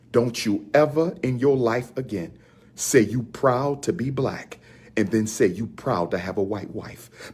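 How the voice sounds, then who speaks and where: Husky man giving fiery, repetitive announcements. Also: medium pitch. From Philadelphia. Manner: preacher-like, repetitive chanting of announcements. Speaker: speaker promoting his events. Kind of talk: impassioned direct-to-camera address.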